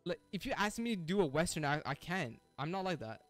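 Young guy streaming a game, chatty and slangy, laughs a lot, kinda high voice. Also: expressive, brisk, fairly bright tone, soft background music. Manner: chatty, slangy, laughs often, many restarts. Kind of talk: casual live-stream chat while gaming.

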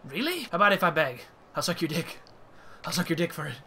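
Guy doing a pushy begging salesman dude, high voice, bounces all over. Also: sing-song, quick pace, pushed and bright, a little hiss or hum, heavily acted. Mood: pleading. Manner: wheedling, desperate pleading.

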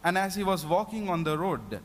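A man's voice: high voice, expressive, normal speed. A man preaching a sermon at a prayer meeting, fervent and given to repeated hallelujahs. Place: prayer meeting in a reverberant hall. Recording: long hall reverb.

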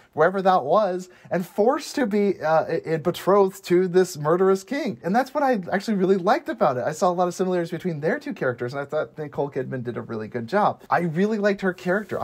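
A man co-hosting a casual movie review chat, lively and quoting characters in playful voices. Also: high-pitched, brisk, hardly any pauses. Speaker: podcast co-host.

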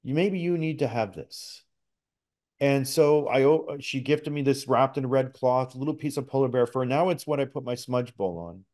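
A man's voice: mid-range voice, moderate pace, darkish tone. A middle-aged man from Canada, a podcast guest telling a personal story in a casual, earnest way with frequent restarts. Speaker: podcast guest, spirit talker.

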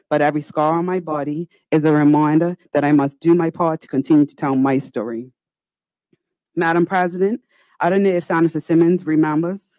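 A woman's voice: deep voice, warm tone, no echo, rough recording. Earnest woman senator. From Bermuda. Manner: earnest, pleading, with slow deliberate pauses. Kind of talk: formal speech in a legislative chamber.

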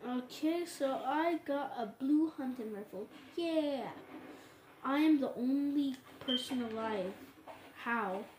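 A woman hosting her own gaming channel, giving casual gameplay commentary full of excited exclamations. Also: high voice, slow. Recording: roomy echo with steady background noise.

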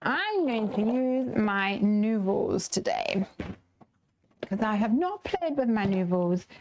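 Northern irish woman, soft accent, chatting through a live card making stream, reads out viewer comments as she goes. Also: mid-range voice, very animated, slow, lo-fi sound, a little hiss or hum. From Northern Ireland. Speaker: live stream craft host. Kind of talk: casual chat while demonstrating card making.

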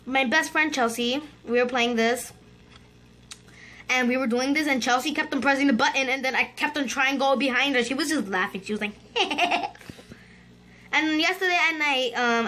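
A woman hosting a gaming channel, giving excitable let's-play commentary and chattering to her viewers. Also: sits high, normal speed.

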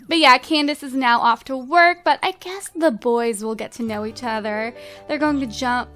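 Bubbly high-voiced woman narrating a game. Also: normal speed, fairly bright tone, faint music behind. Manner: bubbly and giggly, gushing over cute things. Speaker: let's play host. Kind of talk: casual gameplay commentary.

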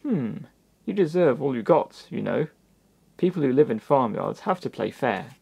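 A man doing a gruff, wise old owl. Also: mid-range voice, very animated, normal speed, warm tone, full character voice. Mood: stern.

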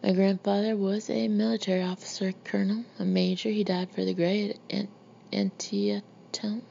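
A woman's voice: medium pitch, little pitch movement, moderate pace, vocal fry, mellow. A woman voicing a tiny, elegant old Southern lady who speaks in a prim, courteous way, in a muffled lo-fi recording. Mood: genteel. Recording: muffled lo-fi recording with faint hiss.

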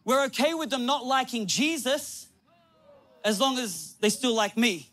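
A man preaching a sermon on a church stage, animated and laughing often, acting out little quotes from people. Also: extremely high pitch, measured pace. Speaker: pastor.

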